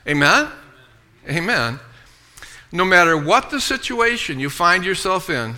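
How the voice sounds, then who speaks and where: A man's voice: sing-song, measured pace, long pauses. A man preaching a sermon as pastor, calling for "amen" and having the congregation repeat after him. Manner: preaching with call-and-response, frequent "amen" and "okay"; reads scripture aloud in a lower, softer voice.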